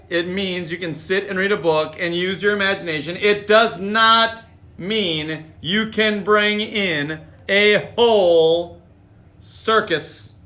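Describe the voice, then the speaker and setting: Guy doing storytime read-aloud, high bright voice, chatty asides. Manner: animated, chatty asides between reading. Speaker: storytime reader. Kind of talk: reading picture books aloud on a live stream.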